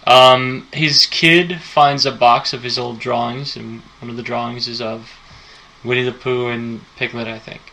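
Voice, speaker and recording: A man's voice: mid-range voice, little pitch movement, a little slow, bright, forceful tone, poor audio. A man co-hosting a podcast, casually retelling a movie plot in a rambling, enthusiastic way. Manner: rambling, enthusiastic storytelling with fillers. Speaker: podcast co-host.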